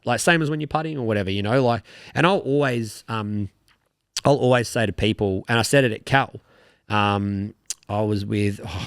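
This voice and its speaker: A young Australian man with a lowish voice tells stories in a loose, rambling way, casually swearing. He sits close to the mic in a dry room. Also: no room sound. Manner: rambling storyteller, laid-back, swears casually. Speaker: podcast co-host. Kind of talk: casual chat.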